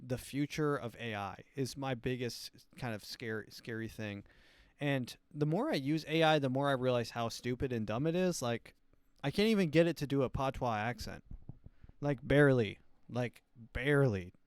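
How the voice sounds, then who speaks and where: Podcast host dude rambling with deadpan jokes, smooth voice, dry close mic. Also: male voice, mid-range voice, normal speed, dry recording. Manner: rambling, filler-heavy, deadpan asides. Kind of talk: casual comedic commentary.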